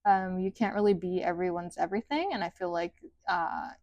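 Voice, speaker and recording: A woman's voice: lowish voice, fairly even intonation, brisk, a little mellow, dry recording, lo-fi sound. A woman giving a casual tarot card reading, chatty and rambling, with sing-song sentence endings. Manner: chatty, rambling, says "like" often. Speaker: tarot reader.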